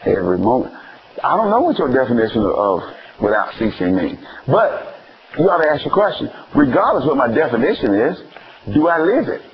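Lively preacher man, dull lo-fi sound. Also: mid-range voice, brisk. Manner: calls for answers from the congregation; acts out homespun family scenes. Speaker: pastor. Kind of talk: sermon. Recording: slightly dull lo-fi church recording.

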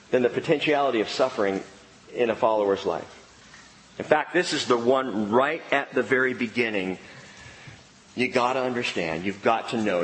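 A man preaching a sermon as pastor, emphatic, dropping his voice low on key words. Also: a bit bright. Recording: long hall reverb.

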